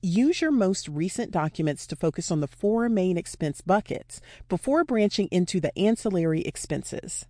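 A woman's voice: fairly low pitch, lively intonation, normal speed, hardly any pauses, warm tone, no room sound, clean studio sound. A woman narrating an audiobook in a candid, conversational way with casual slang. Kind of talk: scripted narration.

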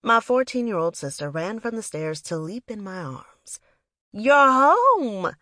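A woman's voice: on the low side, expressive, normal speed, a bit bright, no room sound, studio quality. A woman reading a first-person story aloud in a reflective, wistful manner. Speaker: audiobook narrator. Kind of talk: first-person scripted narration.

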